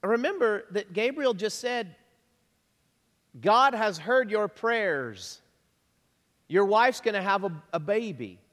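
A man preaching in a casual, conversational way, quick to chuckle and circling back on his own phrases. His voice sits a little high for a man. It rings out in a big hall with a long tail of reverb. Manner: lively, chatty preaching with frequent chuckles and repeats. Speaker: pastor. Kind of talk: conversational sermon.

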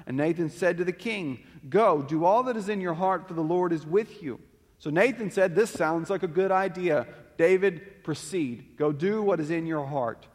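A man preaching a sermon, teaching earnestly and reading scripture passages aloud with rising emphasis. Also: a little high. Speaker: pastor. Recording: long hall reverb.

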